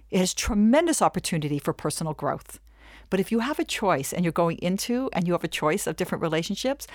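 A middle-aged woman giving a webinar talk, telling stories in a chatty, animated way and checking in often with her listeners. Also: mid-range voice, dry recording, clean studio sound. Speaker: webinar speaker. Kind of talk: lively storytelling talk.

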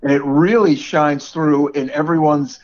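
A man's voice: on the high side, fairly even intonation, a little slow, a little mellow. A man in his forties with a New York area accent, co-hosting a podcast in casual chat and laughing often. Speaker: podcast co-host. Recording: dull lo-fi podcast audio.

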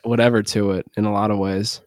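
A man's voice: fairly low pitch, flat delivery, fast, no echo, clean studio sound. A man co-hosting a podcast in casual chat, laid-back and wry, swearing casually. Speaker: podcast co-host.

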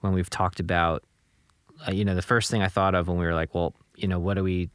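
A man co-hosting a podcast, speaking calmly in an easygoing conversational way. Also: low voice, quick pace, smooth, no echo. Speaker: podcast co-host.

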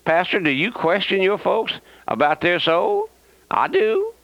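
A man's voice: high-pitched, wildly swooping pitch, measured pace, gravelly, dry recording. A man with a Southern US accent, preaching a radio sermon in an emphatic, repetitive way with many asides. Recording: dull lo-fi radio broadcast.

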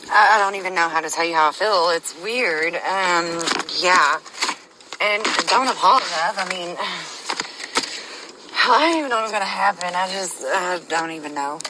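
A woman talks in a halting, flustered way, losing her thread and trailing off. She is recorded as a noisy phone voice note with audible hiss behind her. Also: on the low side.

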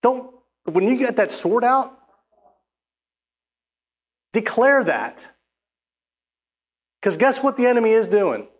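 A man's voice: extremely high pitch, sing-song, slow pace, pauses often. A man preaching a sermon, reading scripture and urging listeners with emphatic, exhorting speech. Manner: emphatic, exhorting, with frequent restarts.

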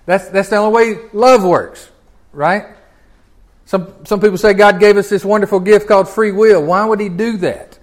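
High-voiced man teaching scripture. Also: moderate pace. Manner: folksy, animated, chuckles often, restarts phrases. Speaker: pastor teaching a Bible class. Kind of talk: conversational Bible teaching.

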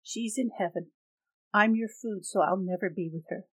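A woman's voice: medium pitch, moderate pace, close to an everyday voice, poor audio. A woman voicing a bitter, grieving village widow in an audiobook reading, blunt and raised.

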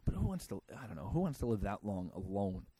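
A man's voice: fairly low pitch, sing-song, fast talker, dark tone, slightly rough, no room sound. A man hosting a comedy show, reading out news stories and ranting about them in a sarcastic, crude way. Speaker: podcast host.

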